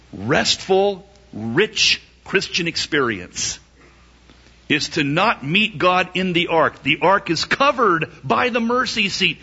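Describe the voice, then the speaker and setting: A man preaching a sermon emphatically, asking rhetorical questions and swinging his pitch up and down. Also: bright, forceful tone, breathy edge. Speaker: pastor. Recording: dull lo-fi recording.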